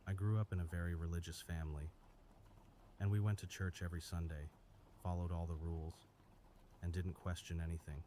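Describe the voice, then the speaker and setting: A man reading scripted first-person horror stories in a steady, measured way. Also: low-pitched, slight background noise. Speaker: story narrator. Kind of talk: scripted horror story narration.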